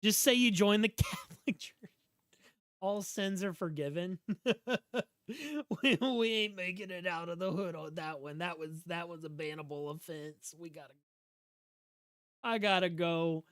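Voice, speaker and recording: A man's voice: sits high, unhurried, pauses often, a bit bright, clear, resonant tone, dry recording, studio quality. A young man with a Southern US drawl casually chatting and joking while streaming a game, talking back to chat. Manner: slurred drawl.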